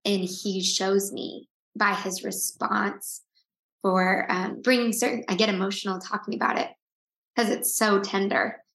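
A woman's voice: medium pitch, level tone, a little slow, creaky, fairly bright tone, echoey room. A woman, the guest in an interview, telling a personal story with earnest feeling and frequent restarts.

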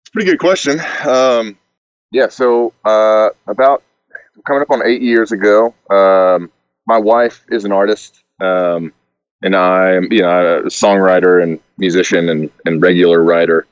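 A man from Alabama with a Southern accent, a guest speaking haltingly with many restarts over a call. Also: low-pitched, steady tone, clean tone, no room sound. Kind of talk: casual interview over a call. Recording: dull call audio, dry.

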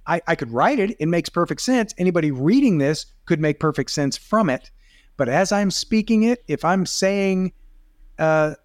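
A man's voice: on the high side, no room sound, clean studio sound. A middle-aged man, a video coach, explaining as a podcast guest in casual talk, demonstrative with rising and falling emphasis.

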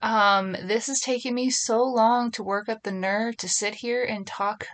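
A woman's voice: on the high side, fairly even intonation, measured pace, a bit bright. A middle-aged woman hosting her own podcast, chatting casually and rambling from a small closet at home. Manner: chatty, rambling, self-deprecating. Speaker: podcast host. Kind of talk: casual solo podcast chat. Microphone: phone and computer.

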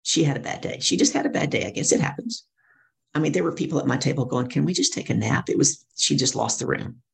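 A middle-aged woman with a gravelly edge to her voice tells stories as an interview guest. She talks with vivid energy and acts out the people she quotes. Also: rumbling low, fast talker. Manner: animated storyteller acting out quoted voices. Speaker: guest speaker and coach. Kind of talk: storytelling interview.

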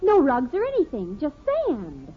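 An actress playing an excitable, gushing teenage daughter in a radio sitcom. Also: female voice, high-pitched, normal speed, slightly rough, full character voice. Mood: eager. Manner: breathless and enthusiastic. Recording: muffled old 1950s radio broadcast.

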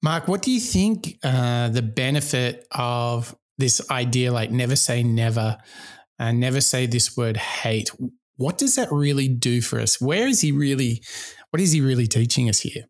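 A man's voice: mid-range voice, normal speed. A man co-hosting a podcast, asking probing questions in a casual way. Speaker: podcast co-host. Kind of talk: casual discussion.

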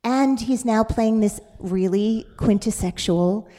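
A woman's voice: on the high side, slow pace, warm tone. A woman hosting a live podcast on stage in front of an audience, talking in a playful, chatty way and laughing often. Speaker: podcast host.

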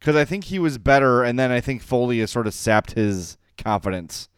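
A man's voice: medium pitch, animated, normal speed, clean tone, dry recording, clean studio sound. A man co-hosting a sports podcast, chatting casually and rambling through stories with easy laughs. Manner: chatty, rambling storyteller who laughs easily. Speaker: podcast co-host.

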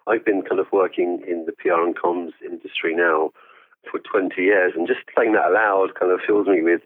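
A man's voice: deep voice, fairly even intonation, moderate pace. A man in his forties, a podcast guest dialing in from afar, who talks enthusiastically and laughs often. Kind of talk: remote interview. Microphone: phone call-in. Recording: tinny phone line.

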